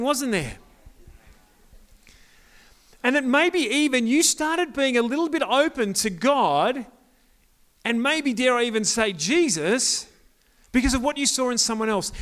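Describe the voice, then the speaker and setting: A man's voice: extremely high pitch, a bit bright. A young man giving a casual, joking sermon to a youth group, often asking the crowd questions.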